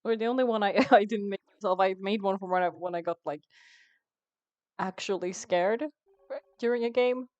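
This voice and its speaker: A woman's voice: mid-range voice, normal speed, darkish tone, dry recording, lo-fi sound. Chatty, giggly woman streamer. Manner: chatty, giggly, self-mocking. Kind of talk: casual gameplay commentary.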